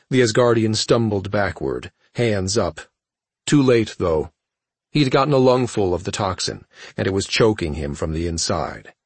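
A man narrating a science fiction audiobook in a steady storytelling manner. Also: lowish voice, slightly rough, dry recording. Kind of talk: scripted narration.

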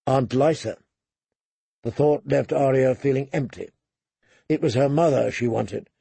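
A man narrates a story in a steady, measured reading. His voice is gravelly and a little husky, fairly high for a man. The recording is close and dry. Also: no echo. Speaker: audiobook narrator. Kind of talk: scripted narration.

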